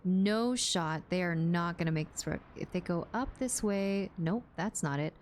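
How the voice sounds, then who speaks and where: A woman with a lowish, darkish voice chats with her live-stream audience at a moderate pace while gaming. Her manner is playful, and she laughs frequently.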